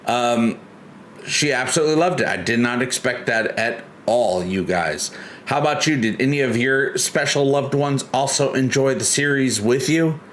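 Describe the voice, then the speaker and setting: A man's voice: medium pitch, moderate pace, a bit bright, a little hiss or hum. Chatty man hosting a live stream. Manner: chatty, reads chat aloud, loose and rambling. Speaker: livestream host. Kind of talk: casual live-stream chat.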